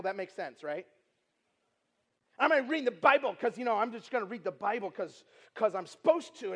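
High-voiced preacher in an echoing hall. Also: male voice. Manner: conversational and animated, with filler words and loud emphatic peaks. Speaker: itinerant preacher. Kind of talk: sermon with personal storytelling. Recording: long reverb from a large hall.

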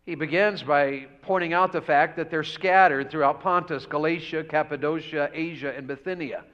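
A man's voice: a little high, normal speed, hardly any pauses, a bit bright. A man preaching a revival sermon, folksy and full of questions to the congregation. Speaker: pastor. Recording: dull lo-fi church audio.

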